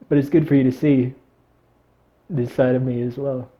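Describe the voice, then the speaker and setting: A teary man on the verge of crying, speaking straight to the camera in an emotional, halting voice with a middling pitch. The audio is a bit dull and lo-fi. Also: flat delivery. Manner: emotional and halting, breaking into nervous laughs. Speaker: vlogger. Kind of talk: heartfelt talk to camera.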